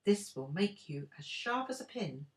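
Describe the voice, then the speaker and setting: An older woman voicing a timid little old man who pretends to be a wizard, croaky and sheepish, in a storybook reading. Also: on the low side, very animated, a little slow, roomy sound. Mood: reassuring. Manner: sheepish, fumbling.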